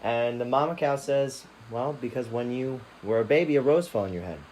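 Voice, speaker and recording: A man's voice: medium pitch, a little fast, poor audio. Laid-back young man, faint noise behind. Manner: relaxed, joking, laughs easily. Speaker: podcast co-host. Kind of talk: casual chat.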